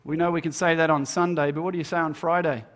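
A man preaching a sermon in a slightly higher voice. He tells the story with dramatic swings, rising into emphatic lines and then dropping into hushed, slow phrases. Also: level tone. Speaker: minister.

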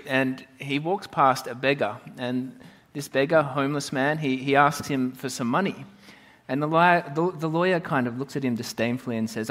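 A man's voice: medium pitch, fairly bright tone. A man preaching a sermon in church, conversational and storytelling, with frequent restarts. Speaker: pastor.

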